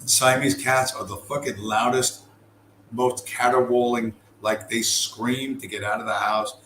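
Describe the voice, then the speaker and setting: A man's voice: medium pitch, fairly even intonation, measured pace, sharp tone. A middle-aged man from the United States telling a long, profane, rambling story in casual talk. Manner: profane, rambling, full of fillers and restarts. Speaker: podcast host. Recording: roomy with faint background noise.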